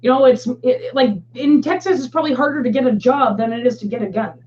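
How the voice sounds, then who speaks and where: A woman's voice: sits high, fast talker, darkish tone. A woman co-hosting a casual live chat, blunt and chatty, swearing freely. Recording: dull lo-fi stream audio with faint noise.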